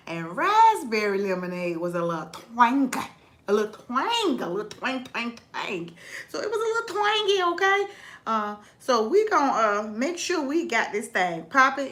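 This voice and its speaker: Woman host, casual livestream, high bright voice that bounces around a lot, playful chat reader. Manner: animated and playful, reads chat aloud, sing-song repetition.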